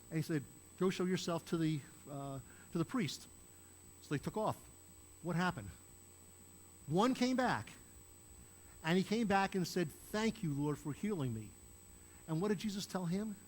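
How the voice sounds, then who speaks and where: A man's voice: a little high, slight background noise, rough recording. A man preaching a sermon as pastor, acting out the Bible characters in raised voices as he tells the stories.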